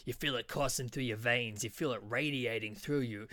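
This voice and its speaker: A man's voice: medium pitch, moderate pace, bright, forceful tone, no room sound, clean studio sound, natural voice. A man putting on a wheedling little Aussie street peddler. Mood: wheedling pitch. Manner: wheedling salesman patter, calls the listener sire. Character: shifty short hobbling male street peddler.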